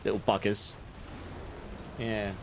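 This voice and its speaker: A man's voice: on the low side, flat delivery, slow pace, creaky, a little hiss or hum. A young man livestreaming a game, chatting casually with his viewers and thanking them, his voice a little sore. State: slightly sore voice. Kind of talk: casual gameplay chat with viewers.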